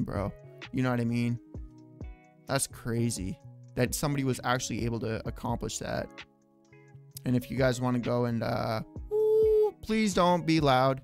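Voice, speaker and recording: A young man riffing through tech news in a loose, slangy way, calling his viewers bro and dude between restarts. His voice sits at an ordinary pitch. Faint music plays under him. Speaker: tech channel host. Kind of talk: casual tech news vlog.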